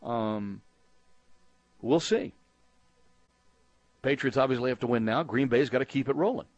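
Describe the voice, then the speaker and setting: A man's voice: mid-range voice, unhurried, dry recording, dull audio. A middle-aged man from Texas hosting a sports talk call-in show, speaking in a rambling, conversational way with frequent restarts and fillers. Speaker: sports radio host.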